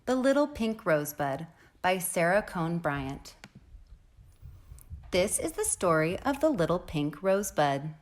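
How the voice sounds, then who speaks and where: A woman preschool teacher reading a storybook aloud to children in a gentle, expressive storytelling manner. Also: lowish voice, a little slow.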